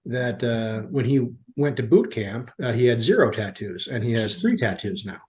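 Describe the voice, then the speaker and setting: A man's voice: mid-range voice, animated, normal speed, a little mellow. A man in his forties, a podcast guest, telling stories at an easy pace with plenty of fillers. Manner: rambling storyteller with many fillers. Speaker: guest, youth hockey manager. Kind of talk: casual podcast chat.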